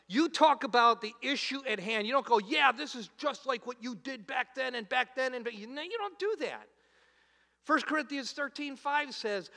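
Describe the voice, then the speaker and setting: A male pastor preaching in a church auditorium with a high, bright, forceful voice. He swings from loud, emphatic points down to soft, low asides. The hall's long reverb trails after every phrase. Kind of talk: sermon.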